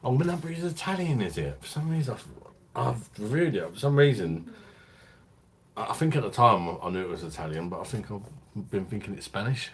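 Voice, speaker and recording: A man's voice: fairly low pitch, expressive, a little fast, slight background noise. A man hosting a beer review live stream, chatting casually in a crude, rambling way and laughing often.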